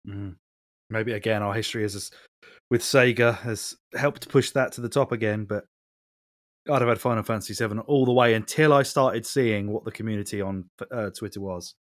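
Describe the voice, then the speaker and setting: A man's voice: lowish voice, fairly even intonation, moderate pace, dry recording. Podcast host guy, sweary jokey moaning, dead dry sound. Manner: swearing, mock-grumpy banter. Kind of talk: casual chat.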